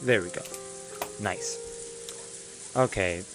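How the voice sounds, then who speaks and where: A man's voice: deep voice, extremely slow, music in the background. A man streaming live in casual chat, playful, laughing often and tripping over his own words.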